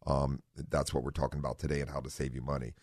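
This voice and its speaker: A middle-aged man hosting a car talk radio show in a studio, relaxed and rambling, often correcting himself. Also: extremely low pitch, fast talker, no room sound. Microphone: studio microphone.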